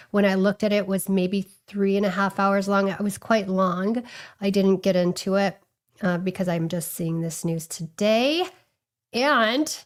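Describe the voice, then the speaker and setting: A woman hosting a casual livestream, chatting and thinking aloud with lots of fillers and restarts. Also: medium pitch. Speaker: livestream host.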